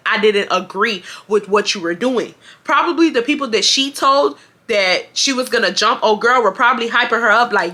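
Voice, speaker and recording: A woman, telling an animated casual storytime to her viewers. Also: on the high side. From Houston, Texas. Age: 20s. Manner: animated, acts out quotes, addresses viewers. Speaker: vlogger.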